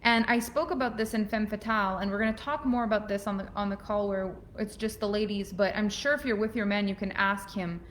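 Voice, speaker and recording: A woman's voice: mid-range voice, steady tone, fairly quick, hardly any pauses, a little hiss or hum. A woman hosting a casual talk show, effusive and over the top, often acting out quoted lines in different voices. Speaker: podcast host. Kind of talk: casual chat.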